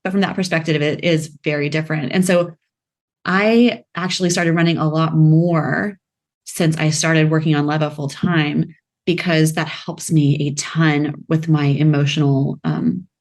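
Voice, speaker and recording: A woman in her thirties, a founder talking as a podcast guest, lively, acting out her own quoted thoughts in a higher voice. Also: a little slow. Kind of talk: conversational interview.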